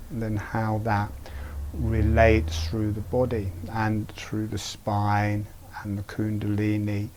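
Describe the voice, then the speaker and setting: A man teaching a breathing practice in an online webinar, speaking gently and haltingly, with frequent pauses. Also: medium pitch. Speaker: meditation teacher.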